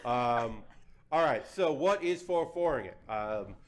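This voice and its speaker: A man's voice: medium pitch, lively intonation, unhurried, a little hiss or hum. A man hosting a live convention panel in a casual, playful, self-deprecating way. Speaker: panel host. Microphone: handheld or table mic.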